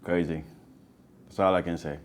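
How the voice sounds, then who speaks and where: A man's voice: low voice, fairly even intonation, normal speed. A man with a Jamaican accent co-hosting a podcast, dropping laid-back short quips in casual banter. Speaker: podcast co-host.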